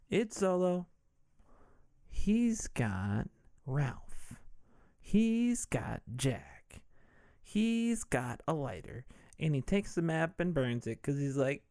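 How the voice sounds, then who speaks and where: Slow-talking male host, irreverent movie recap, dry close recording. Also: on the high side, very animated, warm tone, dry recording. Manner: irreverent, jokey, swears freely. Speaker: podcast host.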